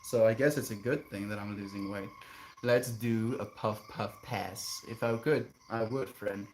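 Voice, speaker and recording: A man streaming live, reading viewer comments aloud and answering them in a relaxed, chuckling way, sometimes drifting into gentle musings. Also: fairly low pitch, a little slow, slight background noise. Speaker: livestreamer reading chat. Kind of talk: casual livestream chat.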